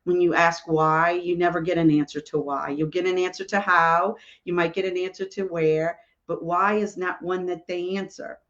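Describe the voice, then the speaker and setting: A woman's voice: lowish voice, steady tone, normal speed, hardly any pauses, a bit bright, highs cut off. A woman, a spiritual medium, telling a personal story in a casual, rambling way, full of "you know" and "like".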